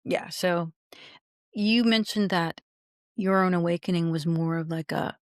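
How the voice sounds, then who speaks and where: A woman's voice: lowish voice, a little slow, dry recording, studio quality. A woman hosting a podcast, reflective and thinking aloud as she talks with her guest. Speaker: podcast host. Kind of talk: casual interview chat.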